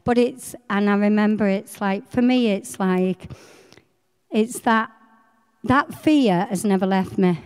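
A middle-aged woman, telling her faith story in a chatty, animated way. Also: medium pitch, takes it slowly, smooth, long reverb tail. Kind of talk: personal faith testimony.

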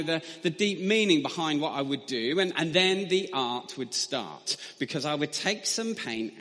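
A man's voice: a little high, bright, forceful tone, big-room sound. A man telling a funny, self-deprecating story as a preacher in a sermon. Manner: humorous, self-deprecating anecdotes.

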